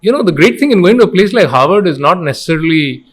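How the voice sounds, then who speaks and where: High-pitched, husky and fast, this middle-aged Indian founder of an education company shares stories in an interview. He's an earnest, lively narrator who dramatizes quotes, speaking Indian English mixed with Hindi phrases.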